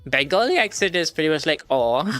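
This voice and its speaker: A woman's voice: very deep voice, lively intonation, moderate pace, fairly bright tone, no echo. Young woman chatting, swearing casually. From India. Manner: reads questions aloud, swears casually, laughs often. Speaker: streamer studying medicine. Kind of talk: casual livestream chat while studying.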